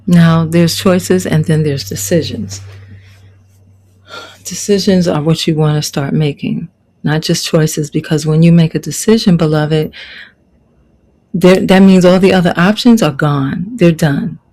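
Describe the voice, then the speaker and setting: Woman, middle-aged, life coach, motivational lesson, preachy, emphatic, repeats phrases, mellow warm voice. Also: low voice, fairly even intonation, a little slow, low-quality recording.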